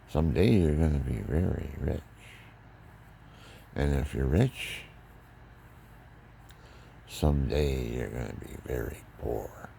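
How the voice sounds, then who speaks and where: Older man, low, gravelly, rambling, preachy monologue. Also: slight background noise. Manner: rambling, preachy, animated storytelling. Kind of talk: casual religious monologue.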